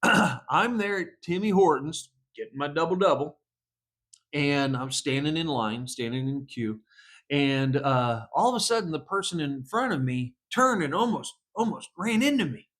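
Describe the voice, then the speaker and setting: A man from the United States, a police psychologist, telling stories in a casual vlog, animated and laughing often. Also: a little high, normal speed.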